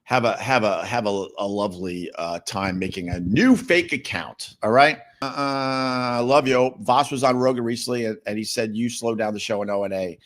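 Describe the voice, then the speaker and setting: A man's voice: medium pitch, normal speed, hardly any pauses. A middle-aged man hosting a livestream, chatting casually and answering viewer comments in a rambling, sarcastic way with many repeated words. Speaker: livestream host.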